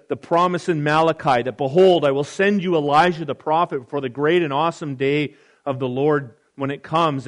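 A pastor preaching a conversational sermon, reading scripture aloud with casual asides. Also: male voice, fairly high pitch.

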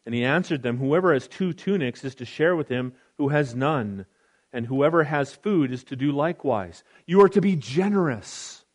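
A pastor preaching a conversational sermon, reading scripture aloud with casual asides. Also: male voice, mid-range voice, animated, normal speed.

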